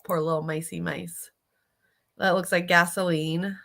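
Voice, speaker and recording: A woman's voice: on the low side, level tone, a little slow, vocal fry, fairly bright tone. A woman streamer reacting casually to videos, chatty and sympathetic, swearing freely.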